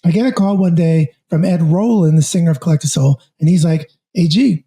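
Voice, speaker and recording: A man in his fifties, a podcast guest telling stories in a lively, jokey and self-deprecating way. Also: a little high, brisk. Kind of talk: casual storytelling chat.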